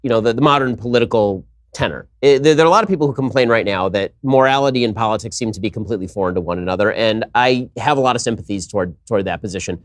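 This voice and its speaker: A man hosting a political discussion, making his case in quick, argumentative bursts. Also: on the low side, no room sound, clean studio sound. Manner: rapid, argumentative.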